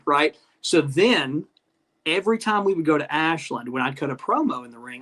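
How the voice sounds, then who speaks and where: Rich: A man who used to wrestle tells rambling, profane stories at a rapid clip. His voice sits slightly high for a man. He speaks as a guest in a relaxed chat. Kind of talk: casual chat.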